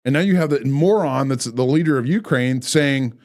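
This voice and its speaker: A man's voice: medium pitch, moderate pace, a little mellow, no echo, studio quality. A man in his late thirties co-hosting a podcast, rambling and opinionated in casual chat with jokes. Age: 30s. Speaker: podcast co-host.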